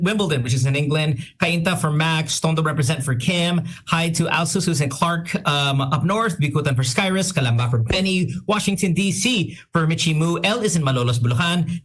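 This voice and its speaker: A man's voice: fairly high pitch, fairly bright tone. Chatty male radio host. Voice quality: says he sounds a bit sick. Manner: rambling, self-deprecating, quick asides. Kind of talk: casual radio chat, reading listener shout-outs.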